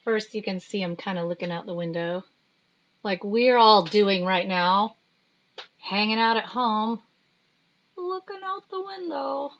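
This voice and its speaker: A woman artist hosting a children's story time, chatting gently with many ums. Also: mid-range voice, fairly even intonation, a little slow, dull audio. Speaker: artist reading picture books to children. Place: home.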